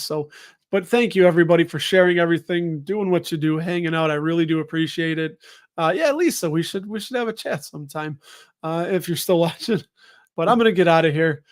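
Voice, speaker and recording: A man's voice: a little high, expressive, brisk. A middle-aged man hosting a casual live stream, rambling and thinking aloud, often breaking off mid-sentence.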